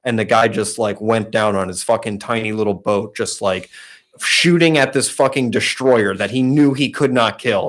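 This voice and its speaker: A man's voice: on the low side, normal speed. A young man co-hosting a podcast, telling a long story in a rambling, profane way, packed with "like" and restarts. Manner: rambling storyteller, heavy swearing and filler "like". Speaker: podcast co-host. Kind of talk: casual chat.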